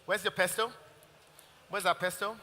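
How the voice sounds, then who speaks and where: Brief: man, middle-aged chef, high bright voice, chatty demo patter, echoey hall. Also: fairly even intonation, moderate pace. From Nigeria. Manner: chatty, laughing, restarts sentences. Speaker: chef giving a cooking demonstration. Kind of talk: live cooking masterclass. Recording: reverberant event hall.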